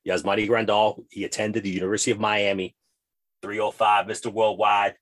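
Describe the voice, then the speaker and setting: A man with a deep, husky voice co-hosts a casual podcast. He rambles happily from one tangent to the next, playful and chatty. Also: little pitch movement, a little fast. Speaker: podcast co-host.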